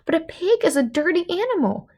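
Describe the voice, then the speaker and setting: A woman's voice: very high voice, sing-song, fairly quick, a little mellow, voice pushed up, heavily acted. A woman reading a storybook aloud, voicing a fretful queen who fusses over her daughter. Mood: shocked. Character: fussing royal queen, a doting mother.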